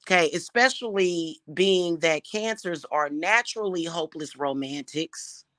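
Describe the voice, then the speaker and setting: A woman's voice: lowish voice, unhurried, fairly bright tone, dry recording, studio quality. Blunt, brassy woman giving love advice. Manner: blunt, emphatic, swears freely. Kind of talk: casual monologue.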